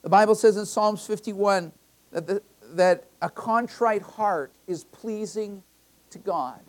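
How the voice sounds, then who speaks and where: Here a man preaches at a slow pace, his voice sitting high. The church sermon feels conversational, drawing on his own anecdotes while he emphatically repeats the key phrases.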